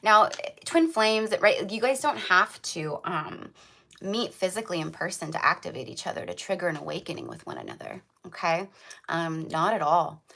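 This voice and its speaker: A woman's voice: lowish voice, sing-song, moderate pace, creaky, fairly bright tone. A woman giving a casual tarot reading to camera, rambling and filling her talk with "like" and "right?". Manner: chatty, rambling, full of "like" and "right?". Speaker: tarot reader.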